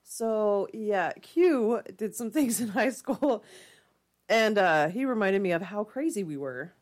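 Co-host, female, mid-pitched, candid wry chat with frequent laughs. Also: animated, takes it slowly. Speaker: podcast co-host. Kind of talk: casual chat.

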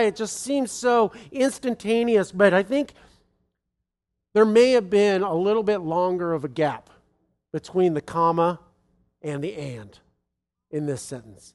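A man in his thirties preaching in a relaxed, conversational way, rambling with many restarts and asides. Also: high voice, moderate pace. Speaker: pastor. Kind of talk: conversational sermon.

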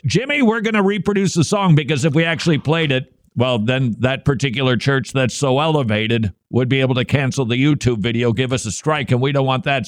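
A man's voice: mid-range voice, a little fast, few pauses, no echo, studio quality. A man hosting a comedic commentary show, sarcastic and mocking as he talks. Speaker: podcast host.

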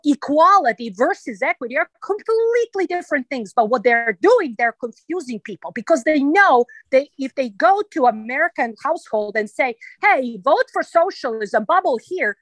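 Animated Serbian-accented woman, high voice. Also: no room sound, low-quality recording. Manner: emphatic, passionate, animated. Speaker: guest. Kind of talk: radio interview.

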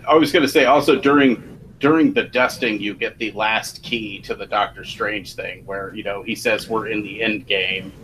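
A man with a lowish voice chats in an animated, loose way, cursing freely and laughing at his own reactions. A clear steady noise sits under the recording. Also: normal speed, poor audio. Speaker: podcast co-host. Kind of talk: casual chat.

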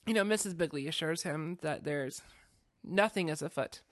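A woman's voice: sits low, moderate pace, no room sound, clean studio sound. A woman co-hosting a podcast, chatting casually and retelling a story with lots of fillers. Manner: chatty, animated, many fillers. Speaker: podcast co-host.

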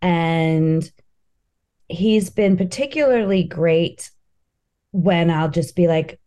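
A woman's voice: on the low side, slow, pauses often, warm tone. A woman comedian as an interview guest, telling stories in a candid, heartfelt way. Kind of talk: casual interview chat.

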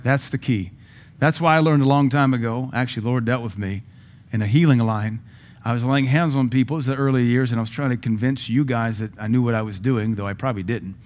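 Pastor guy preaching at church, middle-pitched voice, chatty but punches his points. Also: fast, darkish tone. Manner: conversational preaching with emphatic rises and self-deprecating asides. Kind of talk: sermon. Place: church sanctuary.

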